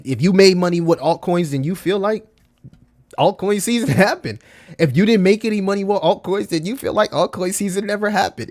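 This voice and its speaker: A man's voice: on the high side, a little mellow. A man talking casually to his livestream chat, full of slang, repeating himself and calling listeners bro. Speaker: crypto livestreamer.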